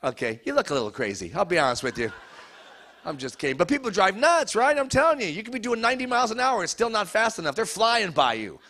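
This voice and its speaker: A man doing a stand-up comedy set, loudly cracking jokes and teasing the audience at a live show. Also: high voice, very animated. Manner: loud, fast-joking, teases the audience.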